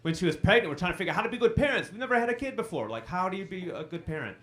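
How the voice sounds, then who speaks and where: A man's voice: high voice, sing-song, very fast, a bit bright. A man in his thirties doing a stand-up comedy set on a club stage, self-deprecating, with dry punchlines delivered to the crowd.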